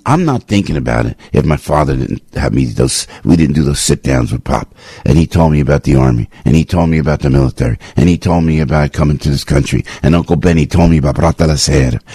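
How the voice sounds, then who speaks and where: An older man hosting a morning talk radio show, telling rambling, emphatic stories that climb high when he gets worked up, on a close studio mic. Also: gravelly, dark tone, slightly rough, dry recording. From New Jersey.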